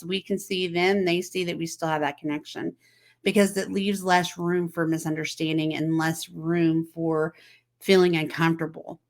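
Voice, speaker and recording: Speaking to camera in a casual chat, this woman host poses questions to the viewer and performs text messages in quoted voices, all in a conversational way. Her voice is lowish and a bit bright.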